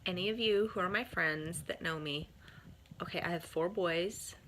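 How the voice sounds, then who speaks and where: Mom vlogging, bubbly and giggly, pretty low voice, faint room hum. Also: female voice, moderate pace. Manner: bubbly, laughing, energetic. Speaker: mom sharing family tips. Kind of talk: casual chat to camera.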